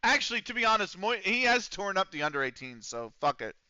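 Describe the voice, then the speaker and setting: A man's voice: high voice, sing-song, a little fast, pushed and bright, smooth, no room sound, lo-fi sound. A man streaming a football management game, chatting loosely with many fillers and the odd curse. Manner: rambling and loose, with many fillers and casual swearing. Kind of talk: casual live-stream commentary.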